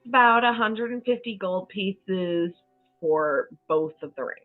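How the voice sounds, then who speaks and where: A woman running a tabletop game as game master, relaxed and matter-of-fact. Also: medium pitch, unhurried, faint music behind. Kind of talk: casual tabletop game narration. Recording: muffled, phone-like call audio.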